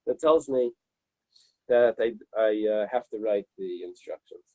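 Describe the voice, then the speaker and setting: A man leading a Talmud study class, reading Aramaic passages and explaining them in English with halting restarts. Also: fairly low pitch, warm tone, no room sound, muffled recording.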